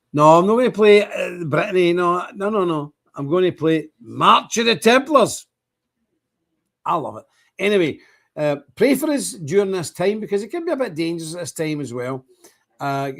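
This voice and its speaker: A man hosting a livestream in a casual, rambling monologue, greeting and answering viewers by name. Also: a little high. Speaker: livestream host.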